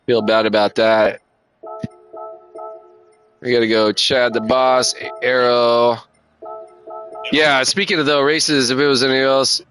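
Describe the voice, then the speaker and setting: Laid-back bright-voiced streamer guy. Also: medium pitch, steady tone, slow, pauses often, faint music behind, low-quality recording. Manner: laid-back, slangy and profane, calls everyone dude and man. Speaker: racing game streamer. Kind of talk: casual live-stream chat.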